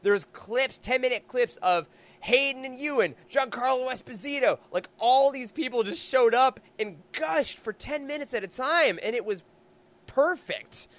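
A man's voice: extremely high pitch, fairly bright tone. A man co-hosting a podcast, recapping a fan convention in an enthusiastic, gushing casual chat. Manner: enthusiastic, gushing, quick asides. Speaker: podcast co-host.

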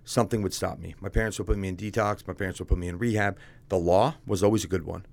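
A man's voice: low voice, steady tone, fast talker, creaky. A man telling his own story as a guest, speaking bluntly and casually and calling the host "dude".

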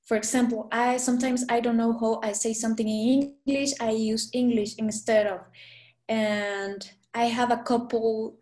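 A woman with a Spanish accent, a Spanish teacher speaking English as a second language as a podcast guest, halting and searching for words with many fillers. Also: on the high side, fairly even intonation, darkish tone. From Guatemala. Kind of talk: casual interview chat. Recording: echoey room.

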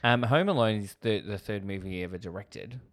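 A man's voice: lowish voice, fairly quick. Dry-humored man chatting about films. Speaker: podcast co-host. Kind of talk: casual film chat.

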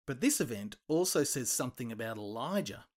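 A man retelling a Bible story for children, lively and expressive, acting out the quoted lines. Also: fairly quick. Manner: animated, acts out quoted voices with big pitch jumps.

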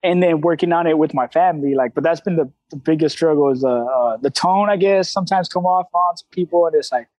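High-voiced candid streetwise man. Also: fast, few pauses, darkish tone, dry recording, poor audio. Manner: candid, streetwise slang, frequent cussing. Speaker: CrossFit coach, guest. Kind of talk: casual interview talk.

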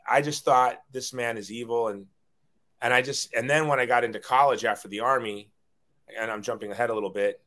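A man's voice: mid-range voice, a bit bright. A middle-aged man, a guest on an interview show, telling a personal story in an earnest, rambling way, often repeating words when moved.

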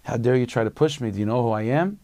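A man's voice: medium pitch, fast talker, mellow, dry recording, natural voice. A man voicing a proud, offended elderly hasid over 60, speaking in an indignant, complaining tone.

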